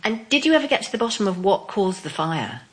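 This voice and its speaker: A woman presenting and interviewing, asking gentle, probing questions. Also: mid-range voice, big pitch swings, fast talker, husky. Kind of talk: radio-style presenting and interviewing.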